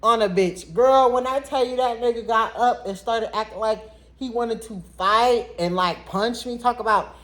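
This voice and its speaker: Blunt, animated woman telling a story. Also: a little high, normal speed. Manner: animated, blunt, addresses viewers directly. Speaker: vlogger telling a personal story. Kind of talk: casual storytelling vlog.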